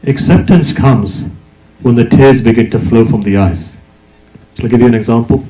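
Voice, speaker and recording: Male preacher, sermon, emphatic, rhetorical questions, mellow tone, echoey hall. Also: mid-range voice, normal speed. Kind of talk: religious sermon.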